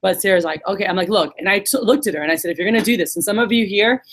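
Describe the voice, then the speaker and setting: Racing along in a medium-pitched voice, this woman fires up her sales team with a loose, profane pep talk. She drifts into storytelling and voices the characters she quotes.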